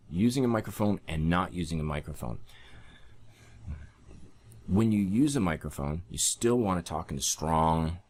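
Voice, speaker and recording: A man's voice: deep voice, darkish tone. A man teaching public speaking, talking emphatically and demonstrating changes in his voice as he coaches. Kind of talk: instructional talk.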